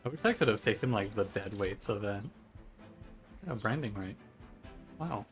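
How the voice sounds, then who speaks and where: A man's voice: on the low side, expressive, moderate pace. Wry man commenting on his game run. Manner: wry, joking, mock trash-talk. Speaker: video game streamer. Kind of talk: gameplay commentary. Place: room at home by a window. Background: game music.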